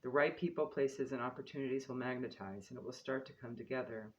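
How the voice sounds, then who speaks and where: A man giving a tarot-style card reading and reading guidance aloud, calm and encouraging, with casual asides and a light laugh at his own slips. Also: mid-range voice, fast, muffled recording, slight background noise. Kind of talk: spiritual card reading, reading guidebook text aloud.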